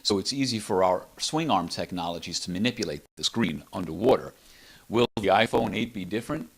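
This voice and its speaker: A man with a low, deep voice describes his invention in a relaxed interview. He talks with enthusiasm, rambling and restarting his sentences. The conversation was recorded in an apartment. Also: fairly quick, gravelly, slightly rough. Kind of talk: casual product interview.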